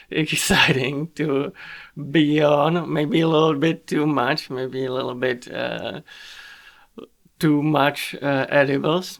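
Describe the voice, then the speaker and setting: A man hosting a reaction video, commenting casually in a halting way and repeating his phrases. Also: mid-range voice, creaky, fairly bright tone.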